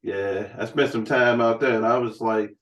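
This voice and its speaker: A man's voice: medium pitch, steady tone, moderate pace, far from the mic. A man hosting a podcast, telling loose, profane stories in a casual chat. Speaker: podcast host. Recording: roomy room sound, set back from the mic.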